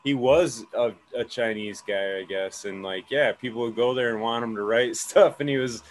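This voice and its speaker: A man in casual crude banter, telling a rambling story with halting restarts and swearing. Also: medium pitch, rough recording.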